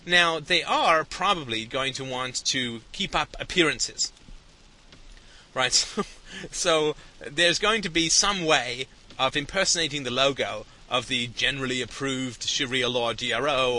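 A man's voice: medium pitch, pushed and bright, poor audio. A man hosting a podcast in a loose, rambling monologue, often checking in with the listener and chuckling between points. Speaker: podcast host.

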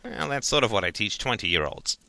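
Man reading a tired professor dad, lowish and bright, hesitant, kinda musing. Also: very animated, brisk, creaky, no echo, heavily acted. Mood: weary. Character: patient, weary professor father.

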